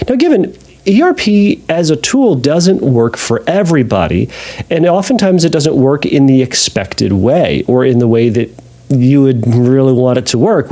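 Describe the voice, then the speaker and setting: A man's voice: medium pitch, a little mellow. Man therapist answering a listener. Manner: conversational, restarts and sarcastic asides. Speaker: podcast host and ERP therapist.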